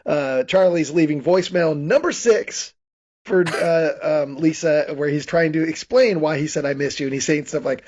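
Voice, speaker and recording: A man's voice: a little high, normal speed, darkish tone, dull audio. A man hosting a podcast, casually recapping a horror comedy in a rambling way, restarting his sentences and laughing. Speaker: podcast host. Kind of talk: casual movie recap chat.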